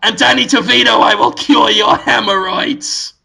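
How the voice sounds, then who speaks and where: A man voicing a pompous male celebrity cast as a movie wizard, making loud, theatrical proclamations. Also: high voice, fairly even intonation, normal speed, vocal fry, slightly rough, full character voice. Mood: grandiose.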